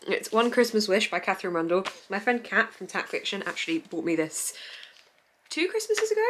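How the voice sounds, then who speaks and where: A woman's voice: mid-range voice, wildly swooping pitch, brisk, background noise. A young woman chatting casually on her reading vlog, rambling, giggly and easily sidetracked. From England. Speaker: book vlogger.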